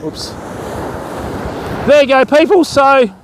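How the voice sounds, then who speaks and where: High-voiced fishing streamer on a windy beach. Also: male voice, slow. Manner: chatty, greets viewers by name, calls them mate and bud. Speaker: fishing livestream host. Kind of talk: casual live-stream chat while fishing. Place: outdoors on a stormy beach.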